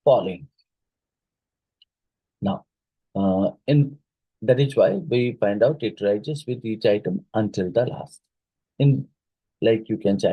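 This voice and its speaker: A man's voice: on the low side, slow, long pauses, husky, no echo, muffled recording. A man from India with Odia-influenced English, teaching a phonetics exam-prep lesson and explaining with many fillers and checks like "isn't it".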